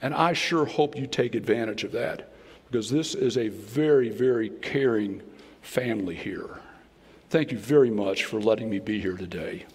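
A man's voice: lowish voice, moderate pace, a little mellow, husky. A man with a Southern accent giving a folksy, conversational sermon as a guest speaker in an auditorium. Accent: American Southern. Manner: folksy, conversational preaching with playful voices. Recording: long hall reverb.

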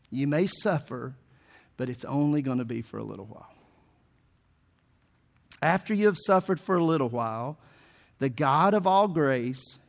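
A man preaching a sermon, emphatic and asking the congregation questions as he goes. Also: fairly high pitch. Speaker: pastor.

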